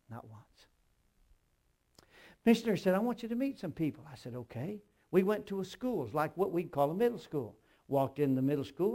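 A preacher with a gravelly, fry-laden voice that sits a bit higher than most men's. He tells his sermon as a string of stories, acting out the dialogue and turning to ask the congregation whether they are listening. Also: warm tone. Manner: storytelling, acts out dialogue in quotes; addresses the congregation directly.

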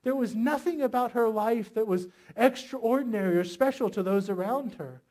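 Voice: mid-range voice, normal speed, a little mellow. A pastor preaching a sermon with emphatic delivery, asking the congregation rhetorical questions.

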